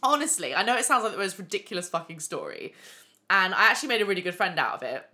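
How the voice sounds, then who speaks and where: Young woman, podcast host, crisp bright voice, swears a lot, animated casual storytelling. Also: medium pitch, fast. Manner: swears constantly, animated, lots of fillers.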